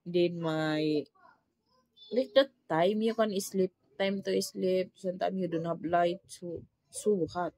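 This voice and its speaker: A woman's voice: fairly low pitch, fairly even intonation, slow pace, dark tone, no echo, poor audio. A woman with a Filipino accent vlogging casually in broken English, emotional and plaintive, worn down by the heat. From Philippines. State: overheated from the heat. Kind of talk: casual vlog chat. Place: simple rural home in the tropics.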